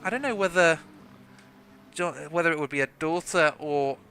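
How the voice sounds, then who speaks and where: A man's voice: fairly high pitch, moderate pace, bright, forceful tone, a little hiss or hum. Chatty South African man commentating. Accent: South African with some British English. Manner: rambling, chatty, jokey. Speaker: race commentator. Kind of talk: sim racing livestream commentary.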